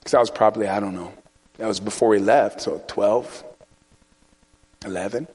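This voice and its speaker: A man's voice: fairly low pitch, fairly even intonation, normal speed, darkish tone, breathy edge. A man preaching a sermon in a conversational, storytelling way, chuckling often. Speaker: pastor.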